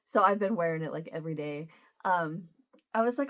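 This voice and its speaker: A woman's voice: mid-range voice, animated, a little fast, a bit bright. Chatty woman telling a family story. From US Midwest. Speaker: vlogger. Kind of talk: casual chat.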